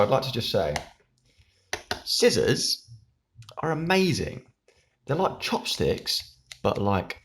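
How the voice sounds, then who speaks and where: Man, deep voice, gravelly, rambling casual vlog chat, talking with his mouth full. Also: slight background noise. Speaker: YouTube channel host. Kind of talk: casual chat while eating.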